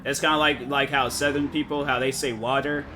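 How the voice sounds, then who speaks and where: A man's voice: mid-range voice, flat delivery, fairly quick, background noise. A man streaming and chatting casually, rambling with lots of filler words and restarted sentences. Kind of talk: casual chat on a live stream. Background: game music.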